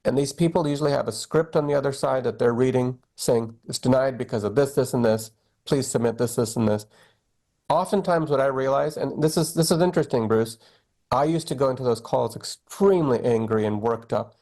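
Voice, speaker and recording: Middle-aged male doctor guest, candid, conversational, lively storytelling. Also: medium pitch, a little fast. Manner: candid, animated storytelling with quoted dialogue. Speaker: oncologist guest. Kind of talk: conversational interview.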